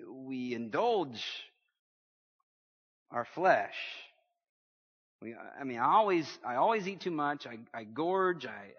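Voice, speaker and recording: Lively, joking male preacher. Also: medium pitch, long reverb tail, highs cut off. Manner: lively preaching with humor and audience call-outs. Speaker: pastor. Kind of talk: sermon.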